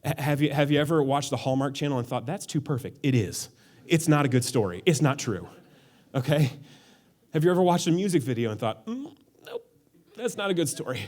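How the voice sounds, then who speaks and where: Young male pastor, lively sermon delivery, swinging melody, light on his feet with comic bits. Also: on the high side. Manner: playful, animated, acts out quotes in funny voices. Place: church auditorium.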